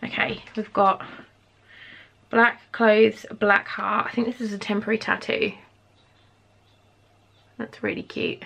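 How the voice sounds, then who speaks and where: A woman in her thirties from England, chatting excitably while unboxing and gushing over each item. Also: mid-range voice, unhurried, vocal fry, pauses often. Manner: gushing, excitable, with sudden gasps and soft mutters. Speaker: vlogger. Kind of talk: casual unboxing chat. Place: home room.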